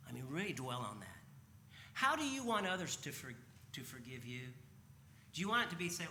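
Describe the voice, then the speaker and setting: A man's voice: mid-range voice, very animated, fairly quick, pauses often, pushed and bright, roomy sound, slight background noise. A man preaching a sermon in a conversational way, often asking his listeners rhetorical questions. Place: church sanctuary.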